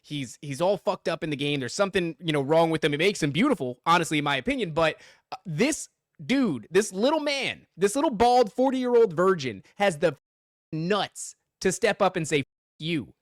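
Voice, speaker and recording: Man, podcast host, lively swooping voice, emphatic rhetorical questions, dry close sound. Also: high-pitched, moderate pace, dry recording. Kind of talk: casual podcast debate.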